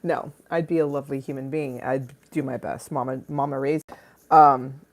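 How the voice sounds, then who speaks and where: A woman hosting a casual livestream on her phone, playful and crude, swinging between loud bursts and low mutters. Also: steady tone, normal speed. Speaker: livestream host. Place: Los Angeles home.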